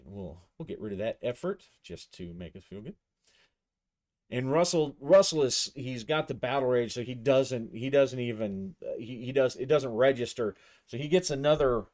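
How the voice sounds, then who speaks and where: A man's voice: mid-range voice, moderate pace, a little mellow. A man narrating a solo tabletop game, thinking aloud as he describes the action and his dice rolls.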